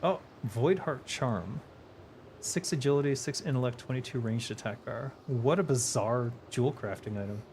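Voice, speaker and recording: A man chatting casually during a gaming stream, laid-back and quick to laugh, with the odd swear word. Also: medium pitch, a little mellow, a little hiss or hum. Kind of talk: casual chat while gaming.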